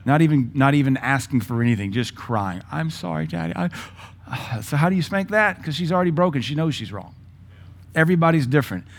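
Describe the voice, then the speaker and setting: A man's voice: on the high side, animated, brisk. Blunt folksy preacher man. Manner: folksy, blunt preaching with acted-out quotes of his kids. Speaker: pastor. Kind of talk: sermon.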